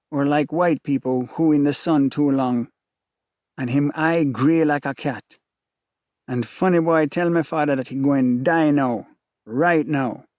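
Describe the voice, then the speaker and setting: A man's voice: mid-range voice, a little mellow, dry recording, studio quality. A man with a Jamaican accent giving an intense, rhythmic first-person dramatic reading.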